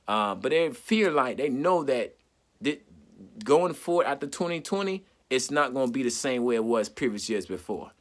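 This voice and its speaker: A man vlogging an impassioned solo monologue to camera, fervent, repeating words in quick bursts as he talks. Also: medium pitch, sing-song.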